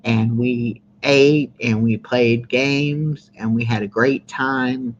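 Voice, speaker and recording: A woman's voice: extremely low pitch, fairly even intonation, takes it slowly, highs cut off, slight background noise. A woman in her sixties, hosting a casual live-stream chat, talking in a rambling way with lots of "you know" and "um". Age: 60s. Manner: chatty, rambling with many fillers. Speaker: livestream host.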